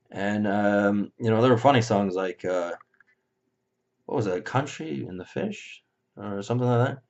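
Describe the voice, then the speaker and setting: Moving at a moderate pace, this fairly low-voiced vlogger delivers an angry, foul-mouthed monologue of opinions. Muttering gives way to abrupt shouting, and he puts on mocking voices to quote those he looks down on; the sound is muffled and lo-fi.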